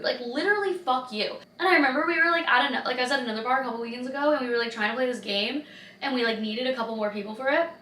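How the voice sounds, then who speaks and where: Woman in her twenties, chatty vlogger, higher voice, roomy off-mic sound. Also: recorded from a distance. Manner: chatty, lots of "like", animated retelling. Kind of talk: casual vlog chat.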